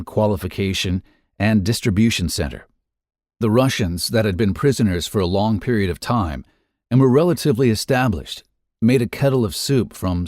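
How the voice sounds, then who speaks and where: A man narrating a first-person memoir in a measured, somber reading for a podcast. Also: on the low side, darkish tone, dry recording, studio quality.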